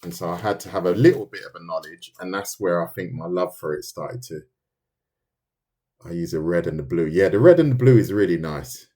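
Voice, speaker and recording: A man from London with a deep, low-pitched voice and a London accent. He chats casually while sketching on a live stream, talking his process through out loud, and reacts to viewer comments with loose, restarting sentences. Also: fairly quick. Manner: chatty, loose and thinking aloud, reads viewer comments, many restarts.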